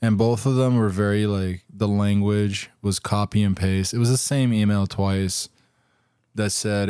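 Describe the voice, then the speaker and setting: A man's voice: on the low side, fairly even intonation, a little slow, darkish tone, clear, resonant tone, no room sound, studio quality. A man co-hosting a podcast in casual chat, blunt and combative, swearing constantly as he rants. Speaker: podcast co-host.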